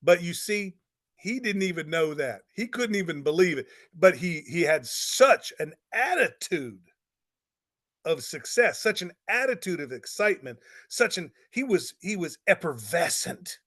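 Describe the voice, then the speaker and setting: A man, a pastor, giving a motivational talk with energetic storytelling and repeated phrases for emphasis. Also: high voice, unhurried. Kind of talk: motivational talk to network marketers.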